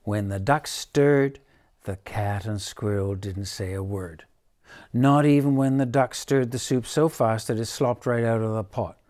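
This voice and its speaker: A man reading a children's picture book aloud, gentle and dramatic. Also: mid-range voice. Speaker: storyteller.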